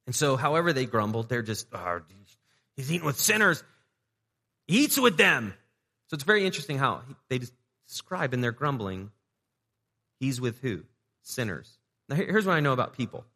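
Man, pastor, sermon, conversational, rhetorical questions, middle pitch, reverberant hall. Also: expressive, moderate pace, long pauses, a bit bright. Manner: repeats words as he restarts.

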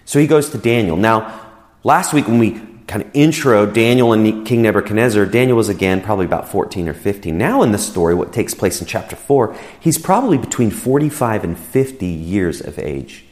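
Man preaching in a relaxed, conversational way. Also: lowish voice, brisk. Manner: relaxed, repeats words while explaining. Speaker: pastor. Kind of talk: conversational sermon.

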